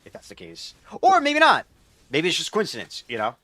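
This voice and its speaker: A man's voice: a little high, huge pitch swings, a little fast, gravelly, bright, forceful tone, no room sound. A man streaming a game, chatting casually with viewers in a rambling, loose way and reading chat aloud.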